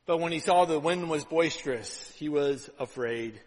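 A pastor delivering a conversational sermon, full of "right?" asides, swinging between loud and hushed. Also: male voice, fairly high pitch, moderate pace, big-room sound, rough recording.

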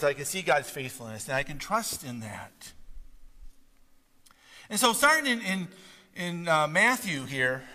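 Bright-voiced man preaching in an echoing hall. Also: fairly high pitch. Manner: conversational, checks in with "right?" often. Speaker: pastor. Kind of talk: sermon.

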